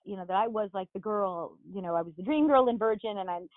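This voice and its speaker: A woman's voice: medium pitch, quick pace, no echo. A middle-aged woman from Long Island with a Long Island accent, chatting as an interview guest with lots of fillers and restarts. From Long Island, New York. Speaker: guest actress. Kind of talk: casual interview chat. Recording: dry tinny phone-like line.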